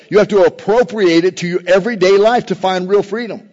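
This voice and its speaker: A man's voice: high voice, normal speed, few pauses, a little mellow. A man preaching a sermon as pastor, earnest and building emphasis on scripture quotes. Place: church sanctuary. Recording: dull, long-reverb church recording.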